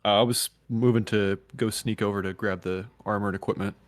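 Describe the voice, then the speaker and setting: Male player, low voice, dry sound, easygoing narration. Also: steady tone, fairly quick, no room sound. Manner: easygoing, narrates his character's actions. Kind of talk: casual chat, playing a character.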